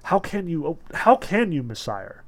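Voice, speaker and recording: A man's voice: fairly high pitch, sing-song, normal speed, pitched above the performer's own voice. A man reading aloud the pleading lines of a devoted woman, lifting his voice a little.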